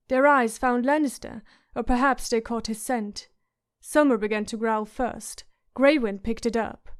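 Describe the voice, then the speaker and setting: A woman narrating a fantasy audiobook in a steady storytelling manner. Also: a little high. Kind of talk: scripted narration.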